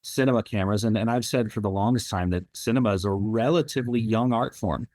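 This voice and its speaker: Rambling low-voiced man in his thirties. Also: fast talker, a little mellow, dry recording. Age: 30s. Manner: rambling, filler-heavy, jumps between thoughts. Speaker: podcast host. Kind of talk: casual interview chat.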